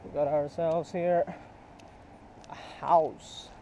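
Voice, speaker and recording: A man's voice: on the high side, little pitch movement, slow pace, warm tone, a little hiss or hum, poor audio. A man chatting to his viewers while fishing outdoors beside a creek, talking casually as he goes. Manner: chatty, addresses viewers directly. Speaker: fishing vlogger. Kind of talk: casual outdoor vlog narration.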